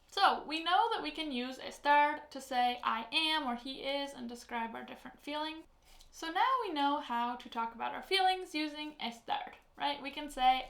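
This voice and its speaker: A woman teaching a Spanish lesson, explaining slowly and patiently, with spoken example phrases. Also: high-pitched, a bit bright, reverberant. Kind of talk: online language lesson.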